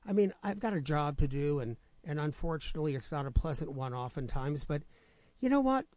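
Man playing a casual joking God, higher voice, dry sound, offhand. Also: animated, a little fast, darkish tone, no room sound, natural voice. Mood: breezy. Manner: chatty, offhand, playful. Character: boastful easygoing God, male.

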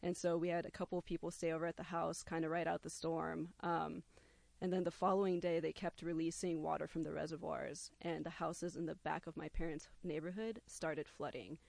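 A young adult telling a personal story to a listener, animated and acting out the quoted voices. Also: mid-range voice, a little fast, gravelly, no room sound.

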